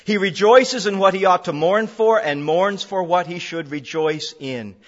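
A man's voice: sits high, a little slow, fairly bright tone. A man preaching an expository sermon, emphatic, repeating phrases for stress. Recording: dull lo-fi sound in a reverberant hall.

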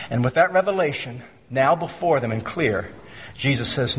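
A man's voice: mid-range voice, animated, moderate pace, husky, long reverb tail. A man preaching a sermon in an emphatic style, repeating phrases and acting out the voices he quotes. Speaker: pastor.

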